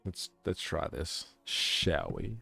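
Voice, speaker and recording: A man's voice: extremely low pitch, lively intonation, takes it slowly, gravelly, pushed and bright, husky, dry recording. A man chatting casually on a live stream while gaming, reacting to chat and swearing offhandedly.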